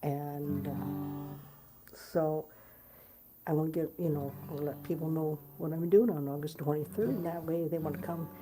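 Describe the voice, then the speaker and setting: A woman's voice: low-pitched, fairly even intonation, a little slow. A woman musician talking casually to her viewers, rambling and earnest, with many fillers and restarts. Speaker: musician promoting her concert. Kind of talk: casual talk to camera.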